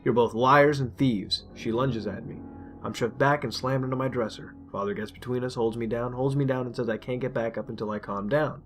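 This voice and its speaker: A man reading a dark first-person story aloud, intense and emotional. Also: mid-range voice, fairly even intonation, fairly quick. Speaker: narrator. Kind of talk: dramatic horror story reading. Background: faint music.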